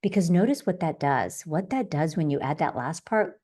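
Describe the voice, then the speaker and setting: A woman hosting a podcast, gently guiding listeners through self-compassion practices and repeating soft affirmations. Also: deep voice, expressive, normal speed. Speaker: podcast host. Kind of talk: self-help teaching talk.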